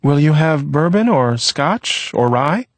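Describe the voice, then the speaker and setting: A man voicing a gentle woman hostess who welcomes a guest and tries to reassure her. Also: a little high, expressive, no echo, voice pushed up. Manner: kind, hurried.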